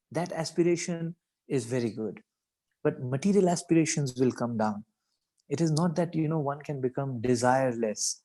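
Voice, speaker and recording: Soft-toned man giving a reflective devotional talk. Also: on the high side, poor audio. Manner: thoughtful, rambling, many "you know" asides. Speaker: guest speaker at a scripture reading.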